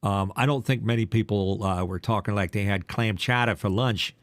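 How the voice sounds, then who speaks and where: A man's voice: lowish voice, moderate pace, no echo, clean studio sound. An older man, a former radio DJ, co-hosting a casual podcast chat, teasing and telling stories with a trained broadcast delivery.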